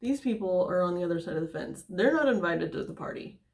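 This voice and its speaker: A woman talks through a tarot reading in a loose, meandering monologue, with plenty of "like" and "um" as she goes. Her voice sits a little on the low side. She drifts off on tangents and then comes back to the cards. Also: lively intonation, fast talker, gravelly, darkish tone. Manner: rambling, many fillers and tangents. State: somewhat out of breath. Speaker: tarot reader.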